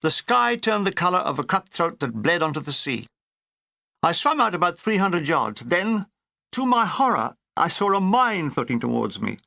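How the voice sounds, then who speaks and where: Man narrating a memoir, wry comic delivery, gravelly bright voice, dry close recording. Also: a little high, very animated, normal speed, dry recording. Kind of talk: reading a wartime memoir aloud.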